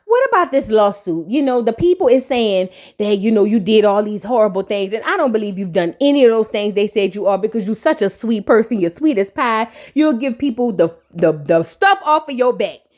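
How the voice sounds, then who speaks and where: A weary wife pleads in a dropped, heavy voice, drawing out each plea as if she has run out of patience. A woman puts her on in a mocking impression. The tone sits well below the woman's usual high register. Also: expressive, fairly quick, hardly any pauses, a little mellow, lightly acted. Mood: syrupy.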